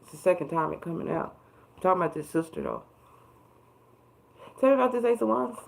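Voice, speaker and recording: Gravelly-voiced woman giving a tarot reading. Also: on the low side, huge pitch swings, fast, low-quality recording. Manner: emphatic, profane, repeats phrases for emphasis. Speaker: tarot reader. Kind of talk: casual tarot reading livestream.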